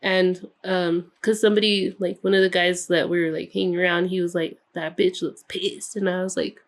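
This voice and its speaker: A young woman co-hosting a podcast, telling a story in a casual, animated way, swearing freely and acting out the quoted voices. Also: on the low side, moderate pace. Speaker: podcast co-host.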